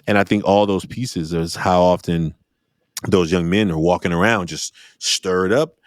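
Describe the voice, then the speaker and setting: A middle-aged man hosting an interview podcast, talking in a lively storytelling way. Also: unhurried, dry recording, clean studio sound. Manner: animated storyteller, jumps high when acting out exchanges. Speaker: podcast host. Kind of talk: conversational interview.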